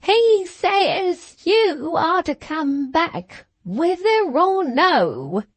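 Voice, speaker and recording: A screeching, officious male clerk calls out in a high, strained voice, leaning hard on every word, as a woman puts him on. He speaks slowly and sounds faintly distant. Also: sing-song, no room sound, exaggerated voice. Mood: insistent.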